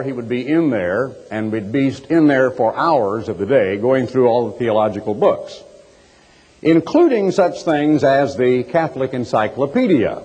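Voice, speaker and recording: A man preaching a sermon, telling a story in a measured way and reading aloud from a book, slowing down on key words. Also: mid-range voice, darkish tone, husky. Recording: reverberant hall.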